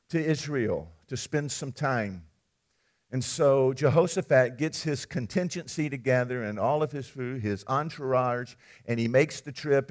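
A man with a mid-range voice preaches a sermon, retelling a scripture story in an animated, conversational way.

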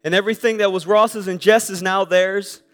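High-voiced earnest preaching man. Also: steady tone, moderate pace, a bit bright, soft background music. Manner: earnest, conversational preaching with frequent restarts and stammered repeats. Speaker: pastor. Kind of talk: sermon. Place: church sanctuary during a service.

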